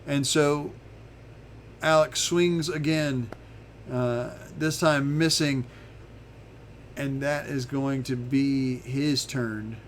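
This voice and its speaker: Slow, unhurried male game master. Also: mid-range voice, fairly even intonation, a little hiss or hum. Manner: unhurried, halting narration with frequent fillers. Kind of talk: narrating a tabletop game.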